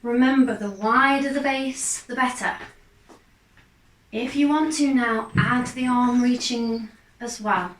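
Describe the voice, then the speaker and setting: A woman, a fitness instructor, calmly guiding a gentle exercise class with steady, encouraging cues. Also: fairly high pitch. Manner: calm, encouraging, unhurried cues. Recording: echoey room, mic far off.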